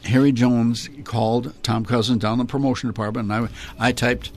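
An older man, a former children's television performer, recalling his early career in an interview, animated and laughing often as he tells stories. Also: mid-range voice, a little fast. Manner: animated storyteller, slips into character voices and laughs often. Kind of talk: reminiscing interview.

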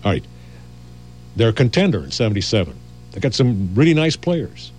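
A man's voice: fairly low pitch, big pitch swings, a little fast, a little mellow, faint music behind. An older man, a veteran radio host, telling rambling stories and often breaking off mid-phrase. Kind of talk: anecdotal storytelling.

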